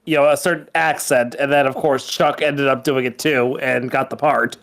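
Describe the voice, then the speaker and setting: A man's voice: medium pitch, steady tone, moderate pace, gravelly, a bit bright. Rambling male voice actor guest. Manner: rambling, full of fillers. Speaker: fan-series voice actor guest. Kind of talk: casual chat.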